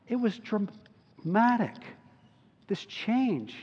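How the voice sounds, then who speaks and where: Pastor type, man with a high voice, earnest sermon delivery, dull recording with a long hall echo. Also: animated. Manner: earnest, slows down on key words.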